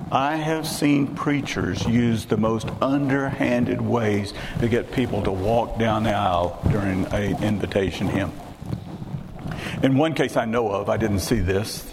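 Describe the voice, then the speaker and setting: A man's voice: on the low side, measured pace. An older man, preaching a sermon in a conversational way and putting rhetorical questions to the congregation. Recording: echoey hall with clear background hiss.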